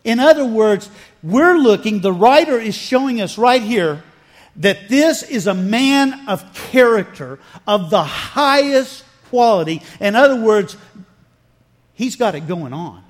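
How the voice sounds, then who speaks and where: A man's voice: high-pitched, animated, a little slow. A man preaching a sermon, retelling scripture dramatically and acting out the dialogue with rising and falling emphasis. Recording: long hall reverb.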